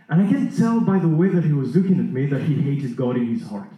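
Male preacher, high voice, animated storyteller; recorded from a distance in a roomy hall. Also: fast talker, few pauses. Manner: animated, lively storytelling with frequent restarts and repeated words. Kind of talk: sermon storytelling to a congregation. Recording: echoey hall, voice from far off.

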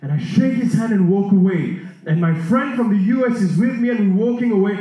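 A man with a high voice preaching, his words ringing through a big echoey hall. He tells the story with animated energy, often restarting and repeating words. He sounds set back from the microphone. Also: fairly quick, recorded from a distance. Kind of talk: sermon storytelling to a congregation.

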